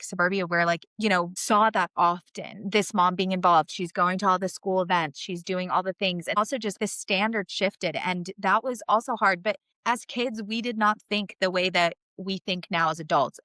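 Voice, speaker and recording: A woman's voice: mid-range voice, no echo. A woman from Russia co-hosting a podcast, speaking earnestly and filling her sentences with "like" and "you know". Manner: earnest, warm, many fillers like "like" and "you know". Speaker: podcast co-host, mother. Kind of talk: casual podcast chat.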